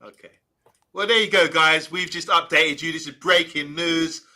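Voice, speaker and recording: A man's voice: a little high, steady tone, normal speed, pushed and bright. A man hosting a live fan show, chatting and reading viewer comments aloud with energy. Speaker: podcast host.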